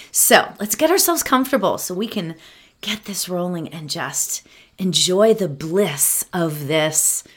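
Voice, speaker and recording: A woman's voice: lowish voice, fairly bright tone. A woman guiding a meditation class in a chatty, upbeat manner. Her delivery is musical and sing-song, and she unhurriedly checks in with "right?" at the end of her thoughts. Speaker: meditation teacher. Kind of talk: guided meditation with chanting.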